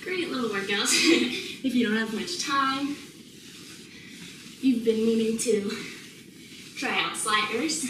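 Upbeat female trainer, a bit winded, slow deliberate cues, higher voice, roomy noisy space, mic at a distance. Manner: upbeat, laughing often, counting down reps. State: slightly out of breath. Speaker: fitness instructor. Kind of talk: workout tutorial cueing.

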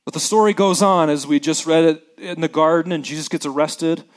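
A man preaching a sermon as a pastor, reading scripture with lively acted-out voices and dropping quiet for the somber parts. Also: on the high side, a little fast. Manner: animated preacher who acts out scripture voices, dropping soft for somber moments.

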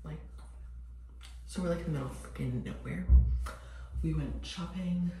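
A young man with a raspy voice, chatting casually to his vlog camera, swearing and dropping to whispers. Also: a little high, moderate pace, warm tone, a little hiss or hum. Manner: frequent "like" fillers, swearing, drops to whispers. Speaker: vlogger.

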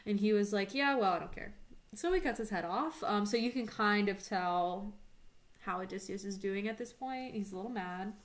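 A woman's voice: mid-range voice, moderate pace. A woman teacher giving a casual recorded lesson, explaining a text in an informal, chatty way with lots of filler words.

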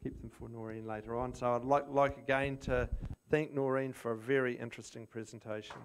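A man chairing a conference session, closing the questions and introducing the next speaker in a relaxed, polite way. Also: medium pitch, a little fast, a little hiss or hum.

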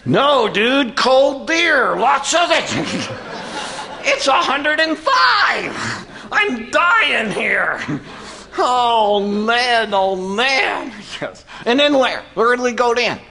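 A man's voice: very high-pitched, sing-song, drawn-out words, bright, forceful tone, exaggerated voice. A man voicing a brash, cheeky redneck puppet who hollers and whoops, with a Southern US accent. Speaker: ventriloquist's dummy. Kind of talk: stand-up ventriloquist act. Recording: noisy comedy club.

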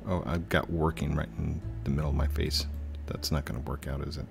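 A man's voice: very deep voice, little pitch movement, brisk, gravelly, music in the background. A man hosting a game channel, chatting casually over gameplay and laughing often between self-deprecating asides.

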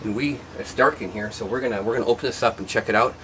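A man's voice: mid-range voice, racing, fairly bright tone, a little hiss or hum. A man hosting a how-to show, demonstrating by hand in an indoor workshop with a rambling, joking, self-deprecating manner. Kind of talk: casual hands-on demonstration.

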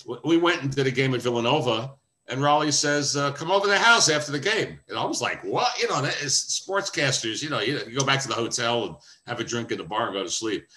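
A man's voice: mid-range voice, fast, hardly any pauses. An older man, a veteran sportscaster, telling wry stories as a guest on a video call. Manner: wry, animated storyteller. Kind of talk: anecdotal storytelling.

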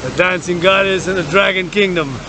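A man's voice: sits high, fairly even intonation, brisk, noisy background. A man rambling in a loose rant while marching outdoors, laughing between phrases and repeating words. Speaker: vlogger.

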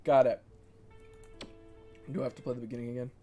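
A young man streaming video games, reacting excitedly and laughing as he plays. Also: medium pitch, fast talker. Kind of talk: casual gaming commentary. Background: faint game music.

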